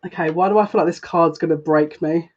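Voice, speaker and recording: A woman giving a live-streamed tarot reading, chatting with viewers, emotional and gushing, with excitable quick restarts. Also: low voice, dull audio. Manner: emotional and gushing, easily moved. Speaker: psychic tarot reader.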